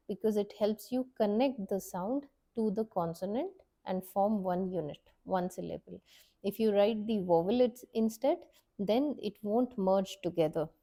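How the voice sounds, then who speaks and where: A woman teaching a Hindi lesson, explaining step by step and repeating each sound slowly so the learner can follow. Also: mid-range voice, mellow. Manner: patient, repeats sounds to model pronunciation. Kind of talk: slow step-by-step language lesson.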